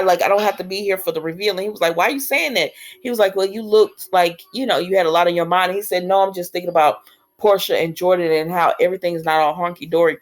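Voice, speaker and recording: A woman casually recapping a soap episode, acting out the characters' lines and laughing at the drama. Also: lowish voice. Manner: animated, laughs often, acts out characters' lines in quoted voices. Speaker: soap opera recap vlogger.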